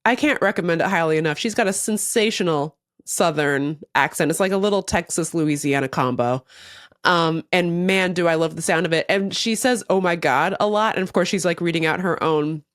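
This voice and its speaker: A woman's voice: on the low side, fairly quick, no room sound, studio quality. A young adult woman from the Seattle area, co-hosting a podcast in casual chat and acting out quotes as she tells a story. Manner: chatty storyteller, acts out quotes. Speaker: podcast co-host.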